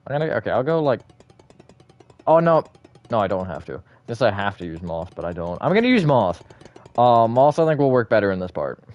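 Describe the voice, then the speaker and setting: A man livestreaming a building game, rambling as he thinks aloud and swinging between flat, disappointed-sounding talk and bursts of energy. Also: medium pitch, brisk, highs cut off, soft background music. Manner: rambling, thinks aloud with fillers and self-corrections. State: short on sleep. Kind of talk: casual livestream chat while gaming.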